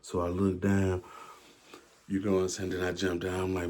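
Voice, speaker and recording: A man's voice: low-pitched, completely flat delivery, moderate pace, darkish tone. A man telling a prison story in casual, slangy, profane talk, with many fillers. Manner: slangy, profane, keeps saying "you know what I'm saying".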